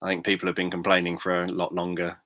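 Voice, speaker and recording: A British man speaks in a very deep, bright voice. He explains things calmly to his livestream viewers with little rise and fall, pausing often with ums. The sound is close and dry. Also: no room sound. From Britain. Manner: calm, measured, thoughtful explaining with frequent ums. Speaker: livestream host, sleep story narrator. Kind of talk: casual livestream chat.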